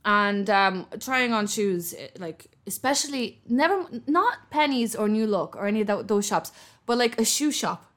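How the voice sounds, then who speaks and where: A woman co-hosting a podcast in casual chat, telling animated stories and acting out other people's voices with laughter. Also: mid-range voice, normal speed. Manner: animated storyteller, acts out voices with loud laughter. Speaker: podcast co-host.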